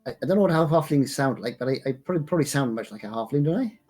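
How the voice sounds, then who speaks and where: A man voicing his character at a tabletop session, stammering and unsure, full of false starts. His pitch sits in the middle, and quiet guitar music plays underneath. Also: lively intonation, racing. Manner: stammering, hesitant, playful. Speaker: player. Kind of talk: tabletop role-play in character.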